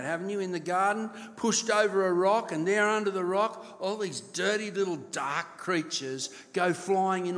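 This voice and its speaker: Guy preaching in a big echoey church, kinda high voice, keeps asking the crowd questions. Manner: quizzes the congregation, rhetorical questions. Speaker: pastor. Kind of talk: sermon. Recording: long hall reverb.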